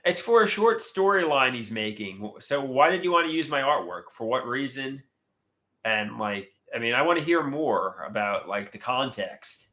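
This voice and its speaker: A man's voice: mid-range voice, expressive, normal speed, bright, forceful tone. A man in his thirties hosting a casual live stream, chatting and reading viewer comments aloud, often stammering and restarting. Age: 30s. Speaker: livestream host.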